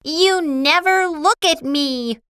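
A woman voicing a bossy, sulky young girl who complains sharply, in a slow, clear storybook reading. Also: high voice, big pitch swings, fairly bright tone, pitched above the performer's own voice, exaggerated voice.

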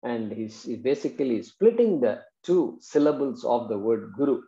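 A male teacher patiently explains Sanskrit verses, often pausing to check that his students follow. His voice is gravelly and mellow. The recording is dull and echoes like a classroom. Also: mid-range voice, animated. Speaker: Vedanta teacher.

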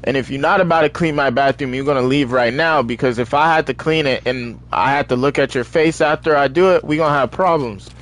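A young man streaming a video game, chatting casually in heavy slang and telling animated stories between excited outbursts. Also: mid-range voice, fairly quick, hardly any pauses. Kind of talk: casual stream chat while gaming.

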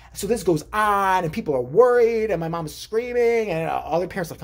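A man vlogger telling a comedic personal story in an animated, profane, rambling way. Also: high-pitched, brisk, hardly any pauses.

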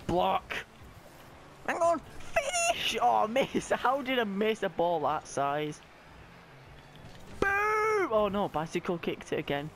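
Excitable young man shouting over gameplay. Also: a little hiss or hum. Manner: excitable, shouts and squeals at plays; voice cracks high when excited. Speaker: gaming YouTuber. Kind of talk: live gameplay commentary.

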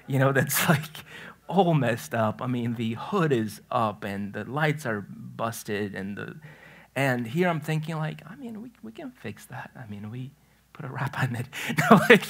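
A man pastor delivers a relaxed, conversational sermon in a church, with a voice of ordinary middle pitch. He tells stories in a chatty way, restarts his phrases often and slips into loose, everyday talk. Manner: storytelling, chatty, self-correcting, laughs at his own story. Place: church sanctuary.

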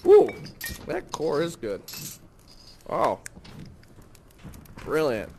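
Slow, rambling hungover man. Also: fairly high pitch, huge pitch swings, vocal fry, darkish tone, slight background noise. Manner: rambling and drawn-out, with many sighs and oh's. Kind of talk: casual chat with friends. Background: music.

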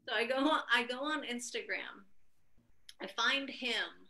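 High, bright-voiced young woman doing stand-up. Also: unhurried. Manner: animated, profane, laughing storyteller. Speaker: stand-up comedian. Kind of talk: stand-up set on a video call. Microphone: video call.

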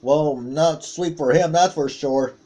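A man calls a wrestling bout blow by blow, breaking into excited yelps as each move lands. His voice sits a bit high but has a soft, mellow tone, and he takes his time between calls. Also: slow. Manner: excited exclamations, calls out moves. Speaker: commentator. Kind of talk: play-by-play commentary on a wrestling match.

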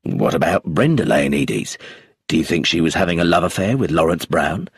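A husky-voiced man reading an audiobook, voicing a methodical chief inspector who asks polite, matter-of-fact questions. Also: extremely low pitch, sing-song, normal speed, no echo, studio quality, voice pushed down, full character voice. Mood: businesslike.

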